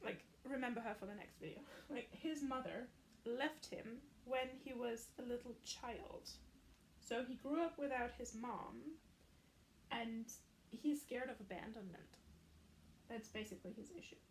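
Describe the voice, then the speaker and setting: A woman's voice: fairly high pitch, unhurried, a little hiss or hum. A woman recapping a film in a chatty, casual way, dropping sarcastic asides.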